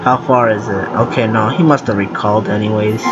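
A man's voice: lowish voice, steady tone, a little fast, muffled recording, over loud music. A man giving live commentary while playing a game. He thinks aloud, gets flustered easily, and exclaims and groans as he goes. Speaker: gaming video creator. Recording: loud noise under the voice.

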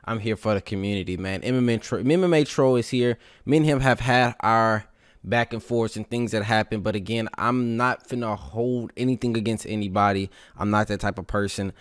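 A man's voice: lowish voice, fairly quick, smooth, no room sound. Slangy young male streamer, dry close mic. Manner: loose, rambling, laughs often, slangy. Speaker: streamer host. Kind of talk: casual live-stream chat.

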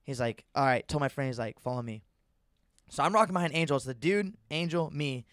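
Brief: young male podcast host, rapid rambling profane storyteller, slightly high, dry close sound. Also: expressive, fairly bright tone, no room sound. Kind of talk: casual storytelling chat.

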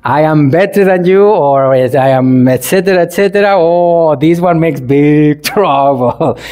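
A man's voice: on the high side, measured pace, mellow. A man, a Buddhist monk, giving a playful dharma talk to a congregation, chuckling and asking the listeners questions in non-native English. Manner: playful, chuckles often and asks the audience questions.

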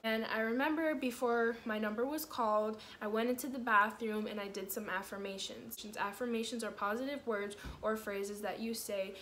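Earnest rambling woman, slightly high voice. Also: fairly even intonation, fairly bright tone, slight background noise. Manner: fast, rambling, restarts and jumbles words; earnest, coaching, asks the viewer questions. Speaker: vlogger giving self-improvement advice. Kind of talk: casual motivational to-camera talk.

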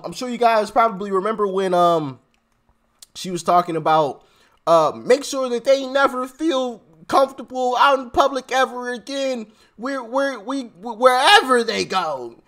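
A man's voice: very high voice, animated, unhurried, fairly bright tone. A man giving casual political commentary on his vlog, laughing often and stammering through repeated restarts. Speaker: commentary vlogger.

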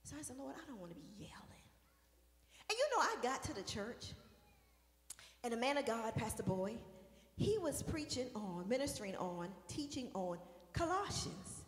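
A woman minister preaching a sermon, shouting and singing out praise at times and dropping to a soft, talking tone at others. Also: a little high, very animated, normal speed, roomy sound, big-room sound. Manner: shouts and sings out praise, then drops to a soft conversational tone.

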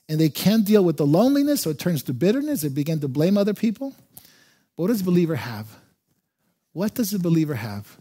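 A male pastor preaching with a husky, slightly breathy voice that sits on the higher side for a man. His tone is dark and mellow. He preaches emphatically and slows down to hammer home key words. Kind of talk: sermon.

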